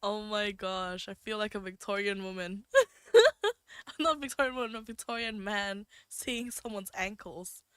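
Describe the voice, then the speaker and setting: A woman streamer commenting on a dating game and talking to her chat, excitable and giggly. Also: medium pitch, normal speed, clean tone, no echo, studio quality.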